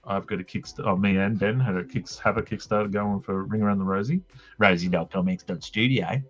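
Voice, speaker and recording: Self-mocking man, lowish voice. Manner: self-mocking, jokey anecdotes with quick voiced quotes. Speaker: host of a drawing live stream. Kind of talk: casual storytelling chat. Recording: dull lo-fi stream audio with faint music.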